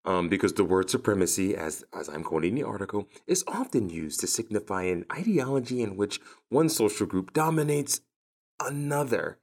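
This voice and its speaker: A man's voice: fairly low pitch, animated, moderate pace, a little mellow. A man co-hosting a casual conversation, rambling with many restarts and a sardonic edge.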